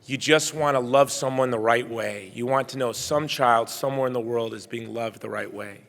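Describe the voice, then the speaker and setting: A middle-aged man delivers a heartfelt keynote speech, telling his own story in an earnest, personal way. His voice sits at an ordinary pitch and swings between hushed passages and loud bursts. A long reverb from the large banquet hall trails every phrase. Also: moderate pace, creaky. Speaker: keynote speaker.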